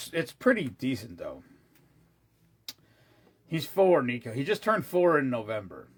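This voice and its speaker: A tired vlogger with a mid-range, breathy-edged voice chats casually with his viewers. He rambles, restarting often, wandering into asides and dropping the odd swear word.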